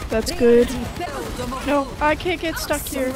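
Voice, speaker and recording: A young woman with a high voice narrates her gameplay in an unhurried drawl. She bursts into loud, excitable shrieks and repeated cries of protest, then settles back into slow chatter. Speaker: gaming content creator. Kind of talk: gameplay commentary during a hot sauce challenge.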